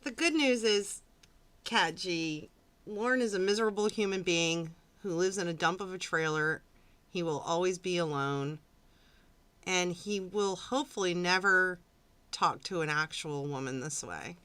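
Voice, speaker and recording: A woman co-hosting a podcast, reacting to a recorded call in a sarcastic, expressive way. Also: on the low side, unhurried, smooth. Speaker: podcast co-host.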